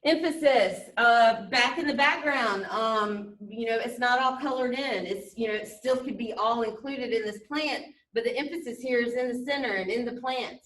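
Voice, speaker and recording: A woman art teacher lecturing over slides in a chatty way, full of fillers and restarts, raising her pitch to stress key words. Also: normal speed, hardly any pauses, fairly bright tone, far from the mic. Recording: echoey room, voice off-mic.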